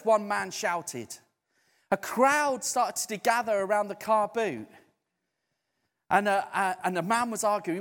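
Guy preaching, voice jumps up and down a lot, slow and deliberate, echoey church hall. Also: sits high. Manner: lively, conversational, builds to emphatic points. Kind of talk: sermon.

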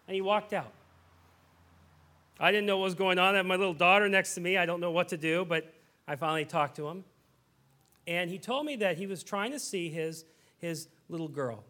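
A male pastor in his thirties delivering a sermon, his voice sitting a bit higher than most men's. He tells stories in a conversational, animated way. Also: moderate pace.

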